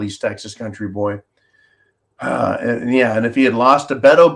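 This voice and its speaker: A male commentary host with a mid-range voice, worked up and sarcastic. He rants to his audience, mocks other people's words in quotes and reads out viewer comments. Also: mid-range voice. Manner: animated, sarcastic ranting with mock-quoted voices.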